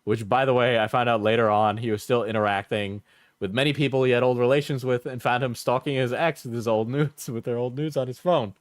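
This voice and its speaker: A man's voice: mid-range voice, fairly even intonation, a little fast, no echo, clean studio sound. A man streaming live, casually rambling through his thoughts with restarts and trailing asides.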